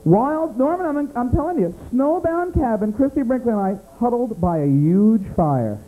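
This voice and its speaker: A brash American comedian works a small club crowd, poking at people by name between jokes. His voice sits high for a man. The live tape is thin and tinny, like it's coming through a phone line. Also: very animated, moderate pace. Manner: brash, teasing audience members by name. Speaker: stand-up comedian. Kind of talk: stand-up comedy set with crowd work.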